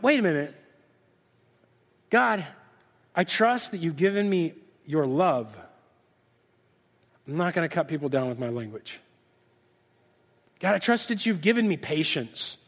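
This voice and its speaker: A middle-aged male pastor preaching a sermon, acting out lively back-and-forth dialogues with God. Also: sits high. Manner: animated, acts out dialogue with God in different voices. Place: church sanctuary. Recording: reverberant church hall.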